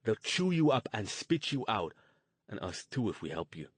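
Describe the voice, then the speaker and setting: Guy putting on a gruff street tough, loud and crude, pushy slang. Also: fairly low pitch, big pitch swings, normal speed, no echo. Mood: defiant. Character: gruff hard-bitten male street outcast leader.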